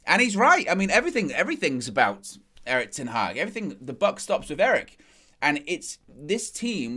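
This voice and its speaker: A man's voice: mid-range voice, a bit bright. Man talking football, emphatic fan host. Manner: emphatic, builds up energy on key points; reads out quotes then comments. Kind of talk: casual football chat after a match.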